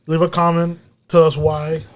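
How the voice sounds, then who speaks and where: A man's voice: on the high side, completely flat delivery, normal speed. A man co-hosting a podcast in English, which is not his first language, with teasing, playful banter. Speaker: podcast co-host. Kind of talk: casual chat.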